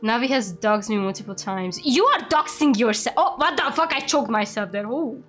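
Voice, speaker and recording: A young woman hosting a casual game stream, playful and teasing, quick to exclaim. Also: a little high, expressive, fairly bright tone, soft background music. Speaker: streamer and VTuber host.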